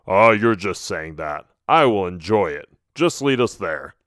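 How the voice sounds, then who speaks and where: A man doing Boris, a gruff, bossy bat. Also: deep voice, big pitch swings, unhurried, fairly bright tone, dry recording, studio quality, pitched below the performer's own voice, exaggerated voice. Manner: blunt, bossy. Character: gruff, greedy male bat, a leader.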